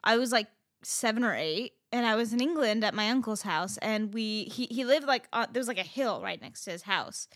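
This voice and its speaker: A woman with a fairly high, bright voice tells a story in casual podcast chat. She is animated, swears freely and scatters fillers through her talk. The sound is dry and close. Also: brisk, no echo. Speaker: podcast co-host.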